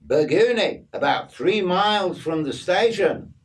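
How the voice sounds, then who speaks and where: A man's voice: high-pitched, expressive, unhurried, voice pushed up. A man voicing a friendly, grinning outback bloke with an Australian accent and breezy matey slang. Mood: cheery.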